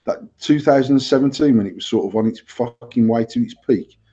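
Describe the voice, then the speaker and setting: A man's voice: mid-range voice, fairly quick, mellow. A man co-hosting a casual podcast, rambling and swearing as he repeats himself. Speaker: podcast co-host. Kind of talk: casual chat. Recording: dull lo-fi sound.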